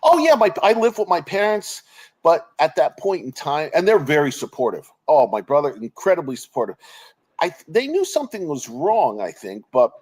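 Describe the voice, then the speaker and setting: A man's voice: fairly high pitch, wildly swooping pitch, moderate pace, a little mellow, husky, rough recording. A man in his forties speaks over a remote call connection. He sounds earnest and openly emotional, often restarting sentences and letting phrases trail off. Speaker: guest. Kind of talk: personal interview over a call.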